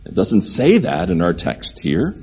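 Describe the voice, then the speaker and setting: Male pastor, sermon delivery, warm husky tone, dull lo-fi sound. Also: low voice, wildly swooping pitch, unhurried. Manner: earnest preaching, repeats phrases for emphasis.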